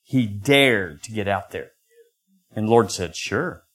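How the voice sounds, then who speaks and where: An older man preaching a sermon as pastor, acting out quoted voices in lively bursts. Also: slow pace. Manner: animated, acts out voices with sudden high pitch jumps.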